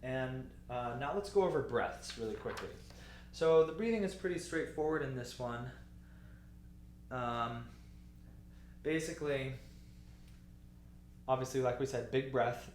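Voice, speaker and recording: A man's voice: medium pitch, slight background noise. Man, choir teacher, patient explanations, roomy echo. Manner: patient, explanatory, sometimes speaks lyrics slowly. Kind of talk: music lesson walkthrough.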